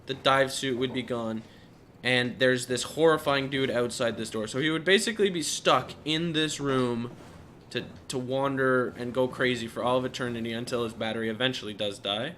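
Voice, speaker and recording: Bright-voiced man talking through a game. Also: normal speed, slight background noise. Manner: emotional, thinking aloud, jumping to high exclaims. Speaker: let's play commentator. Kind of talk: gameplay commentary.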